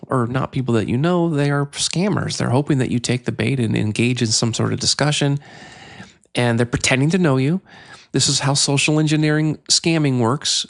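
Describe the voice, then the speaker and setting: A man hosting his own podcast, telling a story in a chatty, playful way that grows more excited. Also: medium pitch. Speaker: podcast host. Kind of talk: casual solo podcast monologue.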